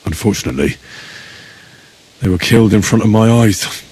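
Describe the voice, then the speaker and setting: A man's voice: fairly low pitch, expressive, normal speed, a little mellow, husky, no echo, poor audio. An actor playing an earnest young man in a video game who keeps asking questions. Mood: curious. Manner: inquisitive, earnest.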